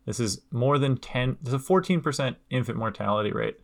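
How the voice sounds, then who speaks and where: A man hosting a casual history podcast, talking loosely with many fillers and quick laughs. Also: mid-range voice, creaky. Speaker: podcast host.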